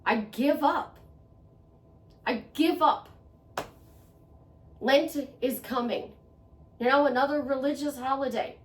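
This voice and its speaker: A woman's voice: sits high, takes it slowly, pauses often. A woman speaking to the camera in a motivational monologue, earnest and conversational, repeating phrases for emphasis. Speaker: self-help vlogger. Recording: echoey room, voice a bit far from mic.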